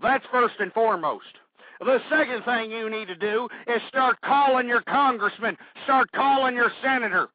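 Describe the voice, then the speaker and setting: A man hosting a political talk radio show, ranting angrily, shouting at times and breathing hard, calling his listeners "folks". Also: extremely high pitch, breathy edge, no room sound. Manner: angry, shouting, repeatedly addressing "folks". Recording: tinny phone-like lo-fi audio.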